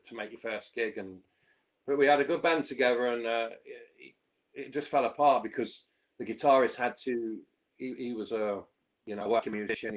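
A man's voice: fairly low pitch, dull audio. Rambling man telling a story. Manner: rambling, many restarts and fillers. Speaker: musician guest. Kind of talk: casual storytelling.

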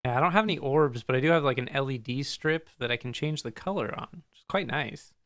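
Laid-back man with a gravelly voice. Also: medium pitch, quick pace, a bit bright, dry recording, clean studio sound. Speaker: podcast co-host. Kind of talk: casual chat.

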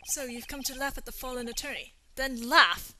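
A woman's voice: high-pitched, moderate pace, noisy background, close to an everyday voice. A woman voicing a proud, bitter young male prosecutor who speaks coldly and scornfully, reading game dialogue. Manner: cold and scornful. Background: game music.

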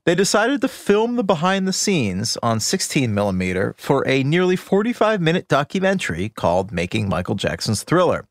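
A man's voice: fairly high pitch, wildly swooping pitch, moderate pace, hardly any pauses, no room sound, studio quality. Wry male podcast co-host reading notes. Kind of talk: casual chat, reading notes.

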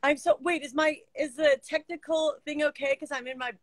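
A woman chatting as a guest over a video call, gushing and quick to laugh. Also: high voice, steady tone, dry recording. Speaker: guest actress.

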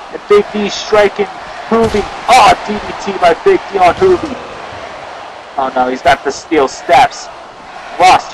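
An excitable young man with a high voice calls a wrestling match play by play, often breaking into shouted exclamations. The amateur recording is noisy, with a crowd clearly audible behind him. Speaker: wrestling commentator.

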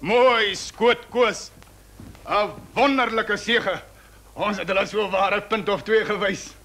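A harried government envoy. His voice sits very high and bright as he coaxes and pleads. He keeps wheedling to get his way. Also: steady tone, slow pace, a little hiss or hum, full character voice. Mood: pleading.

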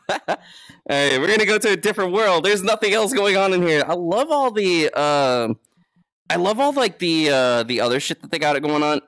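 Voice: medium pitch, sing-song, normal speed, a bit bright, no room sound, clean studio sound. A VTuber streamer in casual live chat, loose and playful, swearing freely, laughing often and thanking followers. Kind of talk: casual live-stream chat while exploring a virtual world. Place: at home, seated, streaming.

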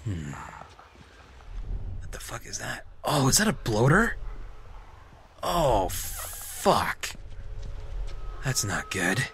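A man giving let's-play commentary, taunting enemies with mock politeness and swinging between hushed whispers and loud yells. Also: medium pitch, sing-song, drawn-out words, vocal fry, long pauses, a little hiss or hum. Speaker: gaming commentator.

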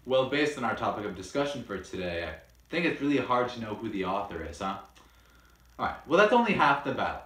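A man's voice: fairly low pitch, very animated, brisk, a bit bright, a little hiss or hum. A man presenting a scripted history lesson in a playful way, with jokey mock-dramatic outbursts. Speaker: history video host. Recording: roomy echo.

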